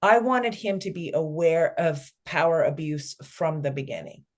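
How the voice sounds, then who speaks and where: A woman's voice: low-pitched, expressive, normal speed, a little mellow. A middle-aged woman, a guest on an interview podcast, telling a family story and acting out the dialogue.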